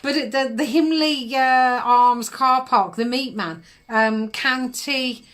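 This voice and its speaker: A woman's voice: sits high, slow, fairly bright tone. A middle-aged woman, giving psychic readings on a live stream in a chatty manner, laughing often and calling viewers darling.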